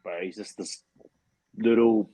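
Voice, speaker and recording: A man's voice: lowish voice, fairly even intonation, measured pace, mellow. A man in his forties from New Zealand, a former rugby league player, talking as a podcast guest in a laid-back, rambling way with lots of fillers. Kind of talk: casual interview chat. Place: podcast studio.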